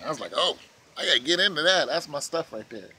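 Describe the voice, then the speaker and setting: A man ranting casually in a vlog from his porch, animated and mocking, often laughing. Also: a little high, fast talker, breathy edge. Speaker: vlogger. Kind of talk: casual opinion rant.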